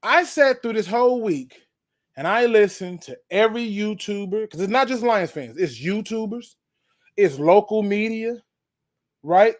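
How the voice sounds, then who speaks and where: A man hosting a live sports fan show, emphatic and hyped, repeating himself for effect and giving loose slangy shout-outs to viewers. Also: sits high, expressive, unhurried. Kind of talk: live-stream football talk.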